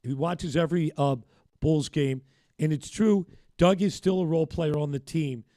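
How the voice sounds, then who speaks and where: A man co-hosts a live sports talk stream and keeps the conversation on track with measured remarks and dry quips. His voice is a touch high. The recording is close and dry. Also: warm tone, no room sound. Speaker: sports talk show co-host.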